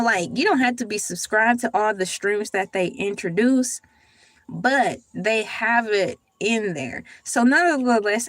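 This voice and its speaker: A young woman hosting a casual morning livestream, playful and animated as she talks to her chat. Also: medium pitch, no echo. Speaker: livestream host.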